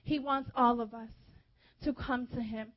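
A young woman preaching a fervent sermon, urging her listeners and dropping to a hushed tone at times. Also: on the high side, fairly even intonation, a little slow, highs cut off. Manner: fervent, exhorting, with hushed softer stretches.

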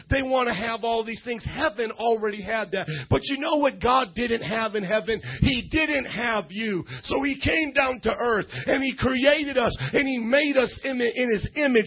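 A man preaching a sermon to a youth crowd from a stage, loudly leading call-and-response and often shouting. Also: extremely high pitch, highs cut off.

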